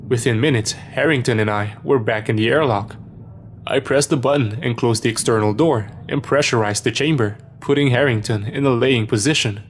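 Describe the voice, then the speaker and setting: A man's voice: medium pitch, fairly quick, a little hiss or hum. Man narrating a horror story. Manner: steady first-person storytelling.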